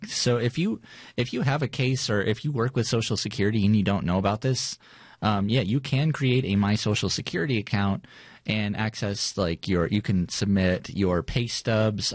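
A man's voice: lowish voice, dry recording, clean studio sound. A man co-hosting a podcast in casual chat, rambling with many fillers and restarts. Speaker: podcast co-host.

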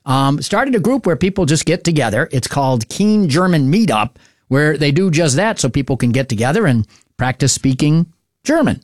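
A man hosting a morning radio talk show, relaxed and chatty as he introduces segments and asks his guests questions. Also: fairly high pitch, moderate pace, no room sound, clean studio sound.

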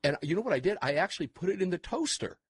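A man hosting a casual talk show, chatting in a rambling, animated way. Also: high voice, racing, husky, no echo. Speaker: show host.

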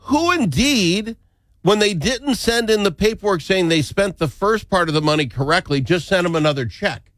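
A man's voice: high voice, brisk, a bit bright, no room sound, clean studio sound. A man hosting a talk radio show, opinionated, indignant and jokey.

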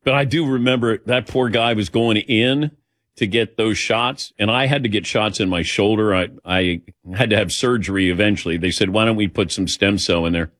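A man's voice: on the low side, normal speed, dry recording. Dry-voiced male talk show host. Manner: animated anecdotes, acting out quoted dialogue. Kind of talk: casual radio show storytelling. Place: radio studio. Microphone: studio microphone.

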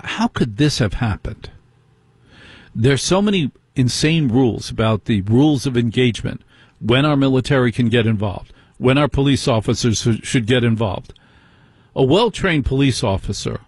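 In this call-in radio monologue, the host is a middle-aged man whose husky voice sits at a medium pitch. His tone is indignant, and he peppers listeners with one rhetorical question after another. The sound is close and dry, with no trace of the room.

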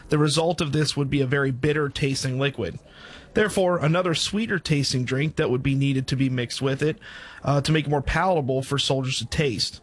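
Southern man, slightly high-pitched, measured informative read of prepared notes. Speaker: co-host presenting drink history. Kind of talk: reading prepared background notes.

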